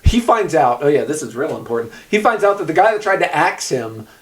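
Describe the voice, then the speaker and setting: A man with a fairly high voice talks loosely about a film as a podcast co-host. He keeps agreeing with his partner and jumps into quick put-on readings of the characters' lines. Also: sing-song, slight background noise. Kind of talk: casual film discussion.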